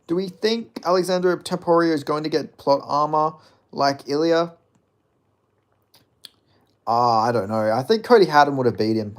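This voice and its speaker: A man hosting a casual livestream, rambling about fights, reading chat aloud and jokingly apologizing. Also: medium pitch. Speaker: livestream host.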